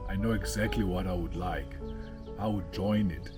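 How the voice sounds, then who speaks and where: A man outdoors in a forest, telling a personal story in an earnest, halting way, repeating words as he searches for them. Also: low-pitched, music in the background. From South Africa.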